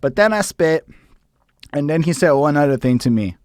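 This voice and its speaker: A man, hosting a livestreamed interview in an excited, rambling way with plenty of swearing. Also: on the high side, normal speed, no room sound, clean studio sound. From Montreal, Canada. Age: 30s. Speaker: host.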